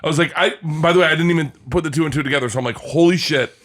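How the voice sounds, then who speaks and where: A man's voice: on the high side, racing, fairly bright tone. A middle-aged man co-hosting a podcast, telling a long casual story, cursing freely and laughing often. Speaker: podcast co-host. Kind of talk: casual chat.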